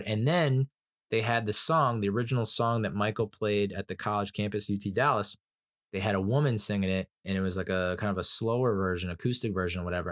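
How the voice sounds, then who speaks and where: Male host, low voice, dry close sound; loose, profane, emotional monologue review. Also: a bit bright, dry recording. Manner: emotional, rambling, swears a lot. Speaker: movie reviewer. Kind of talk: casual movie review monologue.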